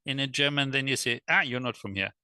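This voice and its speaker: A man speaking English as a second language in a casual interview, halting and searching for words, at times animated. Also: mid-range voice, smooth, dry recording. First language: not English. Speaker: guest, electric car world traveler.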